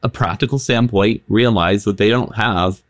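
A man's voice: lowish voice, normal speed, dry recording, studio quality. A man, a pastor, explaining a scripture passage earnestly in a casual talk, with stammered starts.

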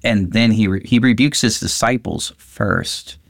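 A man's voice: lowish voice, measured pace, creaky, dry recording, clean studio sound. A man, a pastor, discussing a Bible passage in casual conversation and animatedly acting out quoted lines. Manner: animated, acts out quotes with lifted voice.

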